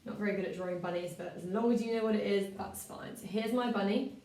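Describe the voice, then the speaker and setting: A woman teaching children how to build a story, speaking clearly and patiently at a mid-range pitch. Her voice carries a roomy echo. She sounds a little away from the microphone. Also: fast talker. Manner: clear and patient, with lively expressive reading. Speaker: primary school teacher. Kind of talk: story-writing lesson for children. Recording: roomy, from a distance.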